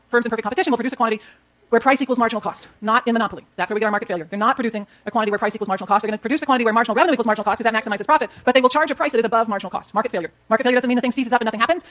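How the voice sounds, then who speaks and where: A woman's voice: fairly high pitch, fairly bright tone. A woman teaching an economics class, explaining step by step while she draws graphs and talks to her students. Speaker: economics lecturer. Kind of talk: classroom lecture.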